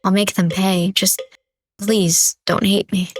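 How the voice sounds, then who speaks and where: A woman's voice: mid-range voice, little pitch movement, takes it slowly, slight background noise, lightly acted. A woman voicing a guilt-ridden young widow who begs for forgiveness. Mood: pleading. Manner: pleading, apologetic.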